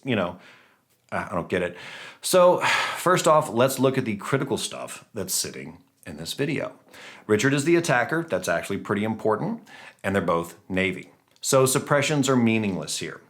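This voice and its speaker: A man hosting a gaming channel, giving chatty, self-mocking commentary on a battle with playful jumps in pitch. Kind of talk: casual game commentary.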